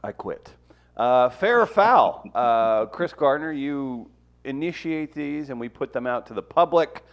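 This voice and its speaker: Lively, teasing podcast host man. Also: medium pitch. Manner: animated, teasing, quick asides. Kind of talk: casual podcast banter.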